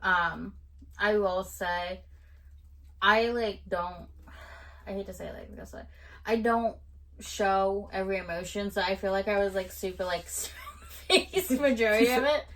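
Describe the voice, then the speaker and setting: Young woman, bright, mid-pitched, calm, measured, casual chat, lots of ums. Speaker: podcast co-host.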